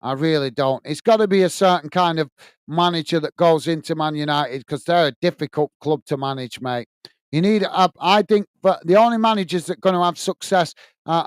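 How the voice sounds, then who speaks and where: A chatty man hosting a live football watch-along, with a fairly high, smooth voice. He talks loosely to viewers in a dry, close recording with no room sound. He keeps slipping in "mate" between match updates. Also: dry recording. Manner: chatty, loose, often calls listeners "mate"; reads viewer comments aloud. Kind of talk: casual live-stream chat and match commentary.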